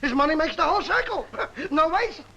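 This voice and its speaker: An actor playing a brash, excitable male song publisher who talks in fast, slangy, theatrical sales patter, in a 1950s film comedy. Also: extremely high pitch, creaky, muffled recording, exaggerated voice. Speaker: music publisher.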